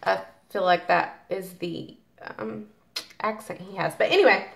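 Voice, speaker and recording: A woman's voice: medium pitch, steady tone, measured pace, gravelly. A woman giving a casual tarot reading who chats directly to viewers and reads card passages aloud. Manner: chatty, talks directly to viewers.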